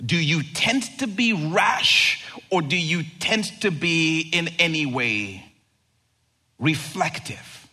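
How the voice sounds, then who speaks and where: Male pastor, conversational sermon; lively pitch, slow measured pace. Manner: animated, conversational preaching with rhetorical questions.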